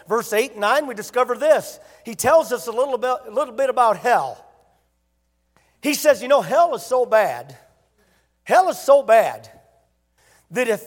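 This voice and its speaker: High-voiced preacher in a hall. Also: male voice. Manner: emphatic preaching, rising to loud bursts. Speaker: pastor. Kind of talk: sermon.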